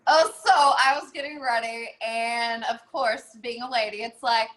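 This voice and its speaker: A woman from Texas, a fitness competitor and podcast guest, telling stories in a lively way and acting out the people she quotes. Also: a little high, moderate pace. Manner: lively storyteller who acts out quotes. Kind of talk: casual interview chat.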